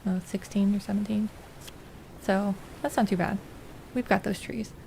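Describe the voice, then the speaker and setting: A woman streamer chatting casually and excitably as she plays, thinking aloud. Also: medium pitch, normal speed, creaky. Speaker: game streamer. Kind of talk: casual gameplay commentary. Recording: noisy home recording.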